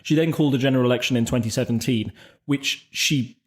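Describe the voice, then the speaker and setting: A man co-hosting a podcast, explaining political events in a measured, conversational way with frequent restarts. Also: medium pitch. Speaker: podcast co-host. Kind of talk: casual political discussion.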